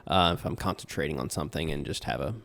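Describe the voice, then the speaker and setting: A man appearing as a guest on a casual tabletop gaming podcast, relaxed and joking about his new character. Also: very deep voice, creaky. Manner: relaxed, joking, quick to laugh. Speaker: podcast guest, game player.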